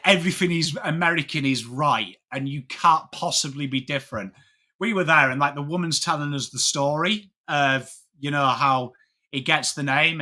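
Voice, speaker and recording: An English livestream host runs a casual sports watchalong, talking with his audience and welcoming viewers by name. His voice is on the high side, bright, and forceful in tone.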